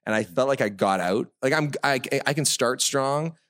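A man's voice: mid-range voice, animated, moderate pace, a bit bright, no echo, studio quality. A man co-hosting a live podcast, telling self-mocking stories and laughing often as he goes. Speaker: podcast co-host. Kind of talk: casual storytelling on a live podcast. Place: festival stage before a live audience.

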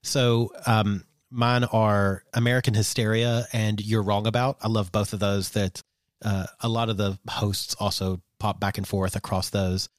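A man's voice: lowish voice, measured pace, no room sound, studio quality. A man in his forties, an opinionated podcast co-host chatting casually and swearing now and then. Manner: opinionated, swearing, animated when excited. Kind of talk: casual chat.

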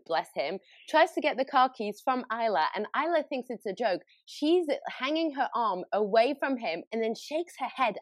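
A woman's voice: on the high side, dry recording. A woman with a British accent, a podcast host telling a story in casual chat, laughing often. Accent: British English.

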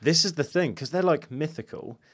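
A man's voice: a little high, lively intonation, normal speed, fairly bright tone, husky. A man hosting a casual podcast, reading out folklore notes and chuckling through jokey asides. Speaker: podcast host.

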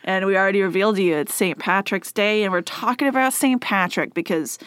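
A woman's voice: medium pitch, a little fast, a bit bright, no echo. A woman co-hosting a casual podcast chat, talking in a chatty way and laughing often. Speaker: podcast co-host.

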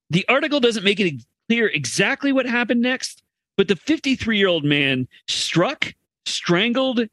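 A man's voice: high voice, fairly bright tone, dry recording. A man co-hosting a comedy podcast, recounting an odd news story with amused asides. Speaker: podcast co-host presenting stories. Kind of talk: reading news stories with banter.

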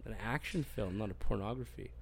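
A man's voice: on the low side, a little fast, gravelly, slight background noise. A man co-hosting a comedy podcast, joking and laughing through his stories in casual banter. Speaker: co-host.

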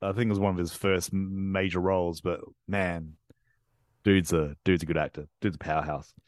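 A man's voice: deep voice, flat delivery, normal speed, no room sound, clean studio sound. A man hosting a podcast, chatting casually about a film in a rambling way with frequent laughs. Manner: rambling, laughs often, lots of fillers and likes. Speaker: podcast host. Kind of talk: casual chat.

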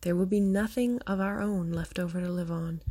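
A woman hosting a show, reading a devotional text aloud in a soft, often half-whispered voice, with brief comments of her own. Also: fairly low pitch, steady tone, moderate pace.

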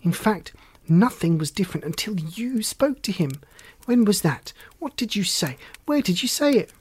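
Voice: medium pitch, expressive, darkish tone, husky, no echo. A storybook reader voicing Lucinda, an eager village girl who fires insistent questions. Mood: excited. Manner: rapid-fire insistent questions.

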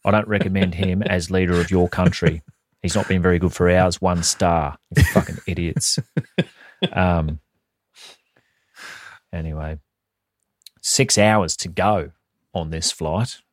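A man's voice: sits low, steady tone, unhurried, pauses often, no room sound. An Australian man hosting a podcast in casual comedic chat, with dry, wisecracking remarks and free swearing. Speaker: podcast host.

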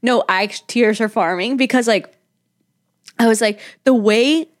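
A woman's voice: a little high, a little slow. Young woman, podcast co-host, casual chat, emotional, swears a lot. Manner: emotional, swears freely, says "dude" and "like" a lot.

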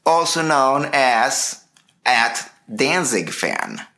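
A man's voice: mid-range voice, extremely slow. A man hosting a casual podcast, joking around and swearing freely with his co-hosts. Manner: profane, joking, lively. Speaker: podcast host.

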